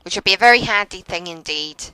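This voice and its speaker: A woman's voice: medium pitch, fast talker, sharp tone, smooth, low-quality recording. A young woman giving chatty, sarcastic gameplay commentary and laughing often. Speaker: let's play commentator.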